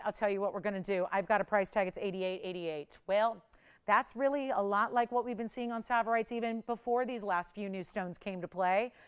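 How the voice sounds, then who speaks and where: A woman hosting a live TV jewelry shopping show, chatty and animated, laughing often and counting prices down. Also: mid-range voice, smooth. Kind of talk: live TV sales pitch. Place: TV shopping studio.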